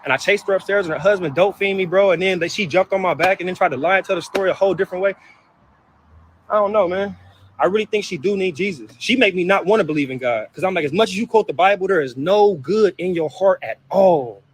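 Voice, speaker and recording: High-voiced man venting fast and heated. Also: slightly rough. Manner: heated, profane, repetitive outbursts. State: hurt and upset. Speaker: vlogger. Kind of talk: emotional personal venting to camera.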